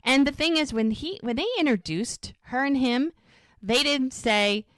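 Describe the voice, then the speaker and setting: A woman co-hosting a TV rewatch podcast, retelling scenes in a lively, chatty way and acting out the characters' lines. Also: fairly high pitch, unhurried, clear, resonant tone, no room sound. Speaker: podcast co-host. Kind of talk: casual rewatch podcast recap.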